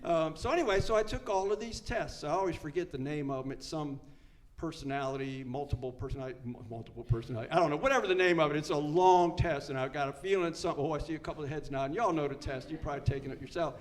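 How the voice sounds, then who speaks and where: A man's voice: on the high side, quick pace. An older man from Maryland sharing his recovery story at a meeting, conversational and self-mocking. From Maryland, United States. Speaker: AA speaker. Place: meeting room before a live audience.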